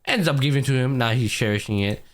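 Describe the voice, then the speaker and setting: A man's voice: mid-range voice, expressive, fast talker. A young man co-hosting a podcast, casually recapping an anime and acting out the characters' lines with plenty of slang and swearing. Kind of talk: casual chat.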